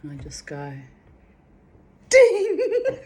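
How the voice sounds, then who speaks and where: A woman's voice: low-pitched, fairly even intonation, a little slow, darkish tone, a little hiss or hum. A middle-aged woman recounting personal memories in a candid, rambling way. She talks frankly, swears freely and restarts her sentences often. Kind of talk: candid spoken reflection.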